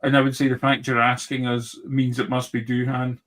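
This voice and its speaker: A man's voice: medium pitch, completely flat delivery, fairly quick, fairly bright tone. A man co-hosting a casual podcast chat, teasing and wry. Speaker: podcast co-host.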